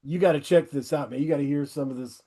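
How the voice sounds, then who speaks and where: Middle-aged man, podcast host, higher voice, eager casual chatter. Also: fast, dark tone. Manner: enthusiastic, rambling recommendations. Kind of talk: casual interview chat.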